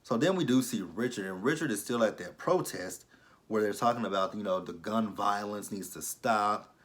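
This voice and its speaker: Low-voiced male vlogger, casual and blunt. He recaps episodes with swearing and disbelieving asides. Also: animated, normal speed. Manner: blunt, profane, incredulous asides. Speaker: TV episode reviewer.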